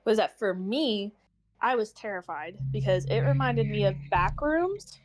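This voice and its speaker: A woman's voice: medium pitch, a little slow. A young woman co-hosting a book club stream, talking animatedly in a casual chat and acting out lines from the story. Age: young adult. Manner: animated, acts out characters' lines with lots of "like".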